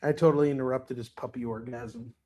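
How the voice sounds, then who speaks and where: A man's voice: mid-range voice, steady tone, brisk, mellow, muffled recording. A man hosting a live shopping stream, chatting loosely, laughing and swearing freely. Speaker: live shopping show host. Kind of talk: casual livestream chat.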